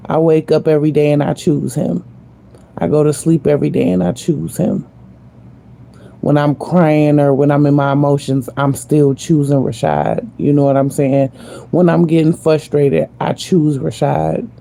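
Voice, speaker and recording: A woman's voice: deep voice, normal speed, gravelly, warm tone. A woman vlogger talking casually and earnestly to her viewers, repeating herself for emphasis, slangy and spiritual. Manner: emphatic, repeats phrases, addresses viewers directly. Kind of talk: casual heartfelt talk to viewers.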